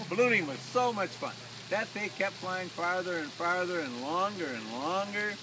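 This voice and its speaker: A man's voice: sits high, expressive, unhurried, background noise. A man working as a hot air balloon pilot, telling passengers a story in a playful, teasing way and laughing at his own jokes, outdoors in a field.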